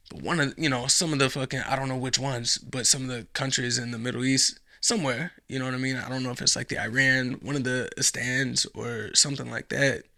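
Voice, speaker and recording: A man's voice: mid-range voice, sharp tone, no echo, studio quality. A man hosting a casual podcast, rambling and swearing, with lots of fillers and restarts. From United States. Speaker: podcast host.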